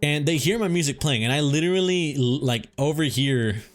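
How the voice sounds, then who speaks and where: A man's voice: fairly high pitch, expressive, brisk, faint music behind. A young man telling a story in a laid-back, rambling way over gameplay, swearing freely as he goes. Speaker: gaming YouTuber.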